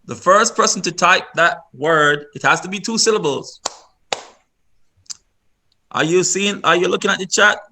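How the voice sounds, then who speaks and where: A man leads a virtual workshop over a video call. His voice sits a little high and rings bright. He explains step by step, repeating himself and restarting his sentences often. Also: moderate pace, long pauses. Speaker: workshop presenter.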